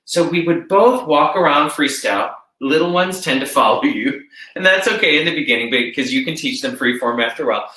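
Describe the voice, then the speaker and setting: A man who teaches elementary music, presenting a workshop in a chatty way and now and then singing a children's song slowly. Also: medium pitch, animated, pushed and bright. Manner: chatty, demonstrates songs by singing them slowly. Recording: roomy echo.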